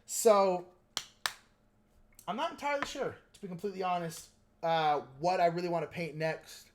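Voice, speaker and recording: Over some background noise, a high-voiced man talks at a normal speed as he paints miniatures on a laid-back livestream. His chatter wanders, full of filler words, jokes, and self-deprecating humor.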